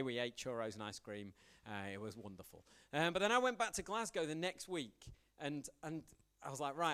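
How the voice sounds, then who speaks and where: A young man preaching a casual sermon, telling stories and acting out the dialogue in them. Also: medium pitch. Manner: storytelling, animated, acts out quoted dialogue, self-deprecating. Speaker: youth pastor preaching. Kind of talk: conversational sermon with anecdotes.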